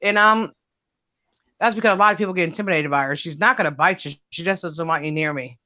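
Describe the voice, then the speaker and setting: A loud middle-aged woman holds forth in casual livestream chat, laughing and swearing without a filter. Her voice is bright and punchy. The sound is dry and close, with a somewhat dull, lo-fi mic. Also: on the low side, fast talker, dry recording. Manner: loud, brash and laughing, cusses freely.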